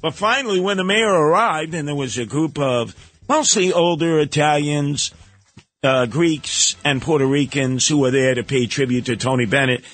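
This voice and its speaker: A man's voice: a little high, normal speed, fairly bright tone, no room sound. A man hosting a radio talk show, delivering an opinionated, sarcastic and combative monologue.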